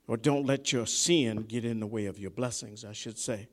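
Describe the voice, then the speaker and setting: A man preaching a sermon in a conversational way, dropping to quiet asides and rising to shouted peaks, often repeating words as he restarts. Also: medium pitch, steady tone, normal speed, hardly any pauses. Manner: preaching with sharp swings between soft asides and shouted climaxes.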